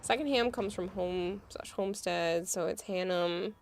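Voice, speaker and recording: A woman's voice: lowish voice, unhurried, slight background noise. A woman, chatting casually on a livestream and explaining with amused laughs.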